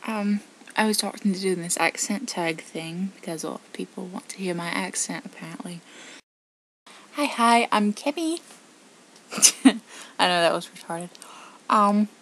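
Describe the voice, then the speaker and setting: A woman's voice: on the low side, fairly even intonation, normal speed, fairly bright tone, a little hiss or hum. A woman from the American South with a Southern accent, chatting casually and a little self-mockingly in an accent-tag video. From Southern United States. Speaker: vlogger.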